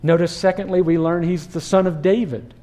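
A man delivers a sermon, lively and engaging, throwing questions at the listeners. His voice sits slightly high with a warm, mellow tone. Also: a little fast. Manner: animated, acts out crowd voices and rhetorical questions. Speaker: pastor.

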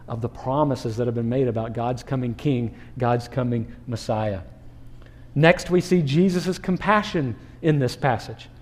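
A man preaching a sermon as pastor, animated, asking the listeners questions and acting out crowd voices. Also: mid-range voice.

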